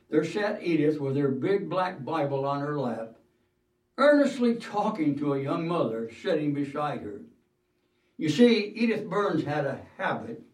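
A man preaching a sermon, telling a story in an earnest, measured way with "uh" fillers and the odd throat-clearing. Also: a little high, darkish tone. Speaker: pastor. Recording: roomy hall, mic at a distance.

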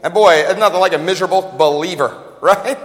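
A man preaching a sermon as a pastor, talking fast and joking in a conversational way, recorded with long hall reverb in a church. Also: high-pitched. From United States.

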